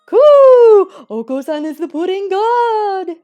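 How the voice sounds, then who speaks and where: A woman voicing a pompous pigeon who thinks he is the god of pudding, squawking and shouting bombastic proclamations. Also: very animated, slow pace, faint music behind, full character voice. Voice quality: shrill cooing squawks.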